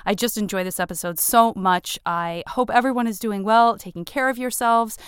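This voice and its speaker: Woman podcast host, gushing and self-deprecating, laughs a lot, smooth clear voice, dry close sound. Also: mid-range voice, moderate pace, no echo. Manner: bubbly, effusive, self-deprecating, laughs often. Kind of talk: casual podcast chat.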